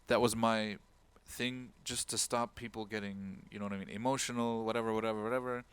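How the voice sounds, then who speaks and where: A man with a lowish, clear and resonant voice speaks briskly in a steady tone. Acting as an imam in an informal, talk-style religious lecture, he tells a story, voices its characters loudly, and weaves Arabic words and phrases into his speech.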